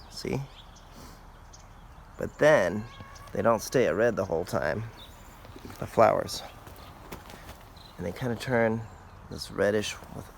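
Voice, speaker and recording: A man hosting a casual outdoor garden tour, explaining plants in a relaxed, informal way. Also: lowish voice, gravelly, slight background noise. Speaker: garden channel host.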